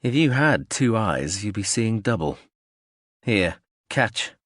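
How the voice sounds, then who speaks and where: A man doing a dry, calm young soldier. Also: fairly low pitch, slow, no echo, exaggerated voice. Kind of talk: audiobook character voice.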